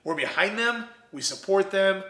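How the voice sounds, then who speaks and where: A young man from Ohio, an entrepreneur guest, telling his story in a casual, animated way and acting out what others said. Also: high-pitched, normal speed, echoey room. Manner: animated, quotes himself and others in lively voices.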